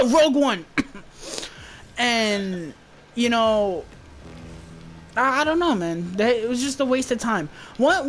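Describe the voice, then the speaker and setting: A woman giving a casual movie review, rambling and swearing in an exasperated rant. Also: a little high. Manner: rambling, profane, exasperated ranting.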